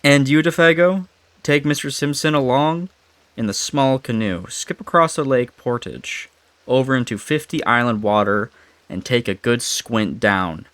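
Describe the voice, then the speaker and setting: A young man reading the lines of a blunt, bossy male hunting guide from an old story, slowly and carefully, in his own everyday voice. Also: mid-range voice, animated, a bit bright, no echo.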